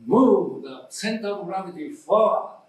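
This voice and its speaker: A man with a Japanese accent, a native Japanese speaker, guiding a posture demonstration in halting English and repeating his key instructions. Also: high-pitched, lively intonation. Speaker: meditation instructor. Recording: roomy lecture hall, voice from a distance.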